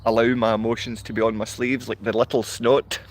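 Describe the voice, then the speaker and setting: A man's voice: mid-range voice, little pitch movement, fairly quick. A middle-aged man with a Glaswegian accent, hosting a rambling, emotional livestream monologue and often laughing. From Scotland. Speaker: livestream host. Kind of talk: rambling live-stream monologue.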